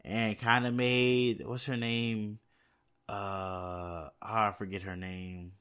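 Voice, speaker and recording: A man's voice: lowish voice, little pitch movement, slow pace, a bit bright, clear, resonant tone. A man chatting casually to his viewers, rambling and thinking aloud with many fillers and restarts, a little tired. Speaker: movie news vlogger. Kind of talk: casual chat to camera.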